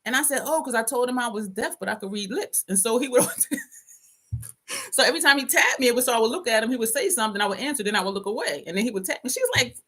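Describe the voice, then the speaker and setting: A woman in her fifties tells a story on her livestream, breaking into laughter again and again. Her voice sits a bit high and swings widely in pitch, and she talks to her viewers in a loose, chatty way. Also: expressive, fast talker, a bit bright. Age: 50s. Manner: laughs often while telling a story, reads viewer comments aloud. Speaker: vlogger livestream host.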